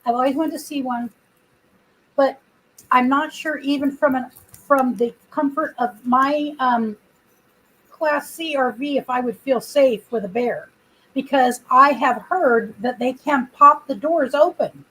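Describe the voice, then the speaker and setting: Woman streamer, high voice, rambling and chatty, no proper mic. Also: a little slow, fairly bright tone, husky, rough recording. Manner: rambling storyteller, chatty with viewers. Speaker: livestream host. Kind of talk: casual livestream chat. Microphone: computer built-in mic, no external microphone.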